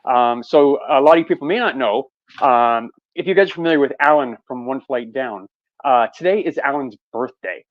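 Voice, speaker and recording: A man's voice: medium pitch, normal speed, no echo, highs cut off. A man from Canada chatting casually as a guest on a live beer stream, hesitant and apologetic with many restarts. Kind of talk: casual chat.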